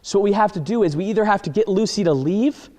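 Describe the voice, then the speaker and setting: A man's voice: sits high, fast talker, darkish tone, natural voice. A man voicing a loyal male dog who urgently explains what to do, in a reverberant hall.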